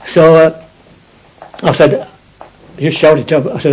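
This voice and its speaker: A man's voice: a little high, steady tone, slow, a little mellow, dull audio, a little hiss or hum. An older man recounting his war memories in a rambling storytelling way, often adding "you see". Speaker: war veteran interviewee.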